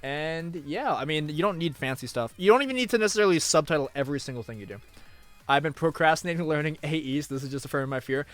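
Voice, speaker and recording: A young man chatting casually on a live stream, talking to his chat, moving between mock outrage and low mumbling asides. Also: expressive, quick pace, faint music behind. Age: young adult.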